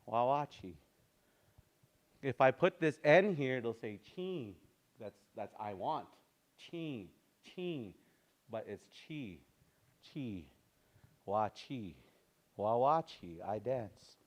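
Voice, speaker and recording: A man's voice: mid-range voice, lively intonation, takes it slowly, pauses often. A man teaching a language class, patiently repeating words for his students.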